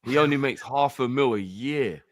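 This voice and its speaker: A man's voice: mid-range voice, normal speed, a little hiss or hum. A man co-hosting a fan channel, arguing about player wages in casual chat. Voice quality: argumentative, checking facts.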